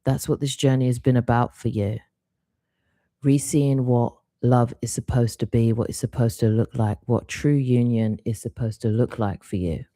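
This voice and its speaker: A woman hosting a live stream, giving an intuitive card reading in a soft, reflective, unhurried way. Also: a bass voice, fairly even intonation, no room sound.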